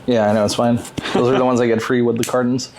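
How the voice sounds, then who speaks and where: A man's voice: mid-range voice, level tone, quick pace, darkish tone, a little hiss or hum. A young man hosting a casual podcast, joking loosely, swearing and laughing often. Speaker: podcast host.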